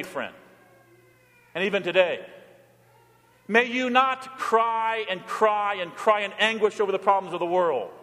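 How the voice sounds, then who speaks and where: A man preaching to his congregation with a high, light voice that rings through a reverberant church. He shifts between plain teaching and short acted-out pleas, each spoken in a quoted voice. The sermon keeps a steady, earnest delivery throughout. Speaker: pastor.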